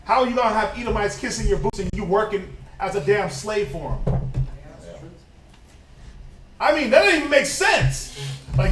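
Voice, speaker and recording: A man's voice: high voice, expressive, normal speed, long pauses, over music. A man leading a Sabbath study, preaching informally with fiery rhetorical questions and chuckling asides, then reading scripture aloud. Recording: echoey room, distant mic, noisy.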